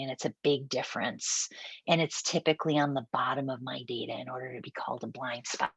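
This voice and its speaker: A woman's voice: sits low, creaky, breathy edge, no echo. A woman with a Minnesotan accent facilitating a webinar roundtable, talking conversationally and thinking aloud with small restarts. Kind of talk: webinar presentation.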